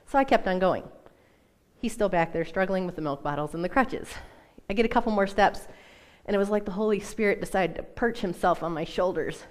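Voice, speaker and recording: Woman doing a church testimony, chatty and self-mocking, mid pitch, tells it like a story to friends. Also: expressive, brisk. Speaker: church speaker. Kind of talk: personal testimony in a church talk.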